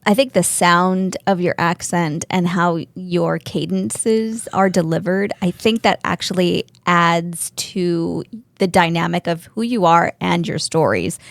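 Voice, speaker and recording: Gravelly woman co-host. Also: fairly low pitch, steady tone, a little slow, dry recording. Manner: blunt, jokey remarks. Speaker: podcast co-host. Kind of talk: casual chat.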